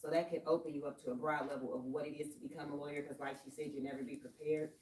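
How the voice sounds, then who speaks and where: Very deep-voiced woman, encouraging. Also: steady tone, rapid-fire, a little mellow, a little hiss or hum. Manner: encouraging, rambling. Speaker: panelist. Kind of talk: panel discussion, encouragement. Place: workshop room. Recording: roomy hall from far off.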